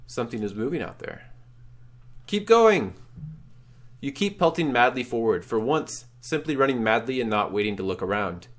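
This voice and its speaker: A man's voice: mid-range voice, a little fast. A man reading a text adventure game aloud with drama, calling out his choices. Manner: dramatic, shouts choices out loud. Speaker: game streamer.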